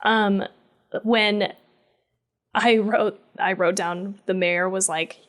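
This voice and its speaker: A woman co-hosting a relaxed podcast about a film. Her talk is loose and conversational, full of fillers. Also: medium pitch, slow. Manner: chatty, many fillers like "like". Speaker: podcast co-host. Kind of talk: casual movie review chat.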